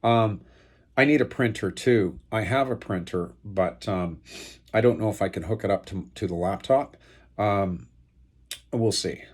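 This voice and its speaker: Man, husky low voice, aggrieved, rambling monologue, many fillers. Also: measured pace. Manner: turns loud and high-pitched when outraged. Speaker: video blogger airing an estate dispute. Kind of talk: unscripted monologue to camera.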